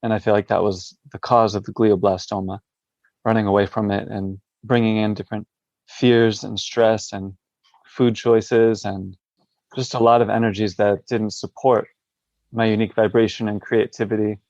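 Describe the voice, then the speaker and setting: A man's voice: on the low side, flat delivery, normal speed, darkish tone, dry recording, lo-fi sound. A man speaking as a podcast guest from a hospital room, reflective and hesitant, with many fillers. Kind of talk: interview conversation.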